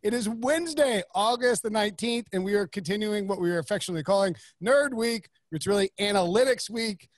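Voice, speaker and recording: Brief: high-pitched male host, dry close sound, casual and rambly. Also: fairly quick, hardly any pauses, no echo. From North Carolina, US. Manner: rambling, joking, many restarts. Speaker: podcast host. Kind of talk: casual podcast chat.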